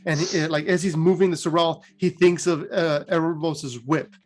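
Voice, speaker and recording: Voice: medium pitch, steady tone, moderate pace. A podcast host casually retelling fantasy game lore, rambling with many fillers and laughing at the jokes. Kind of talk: casual storytelling.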